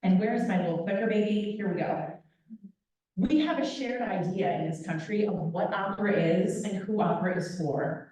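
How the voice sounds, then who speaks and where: A young adult woman, an opera company vice president, giving a lively, playful talk to an audience with a handheld microphone. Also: medium pitch, normal speed. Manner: animated, playful and direct with the crowd. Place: large echoey hall. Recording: very echoey hall, picked up from a distance.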